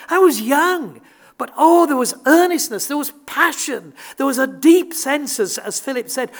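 A man, preaching a sermon in an earnest, emphatic way, often restarting his words. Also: sits high. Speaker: visiting preacher.

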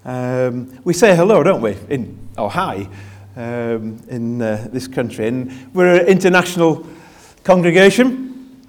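A man's voice: mid-range voice, animated, unhurried, few pauses. An older man, a pastor, giving a chatty, self-deprecating Christmas sermon and drawing answers from his congregation. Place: church with live congregation.

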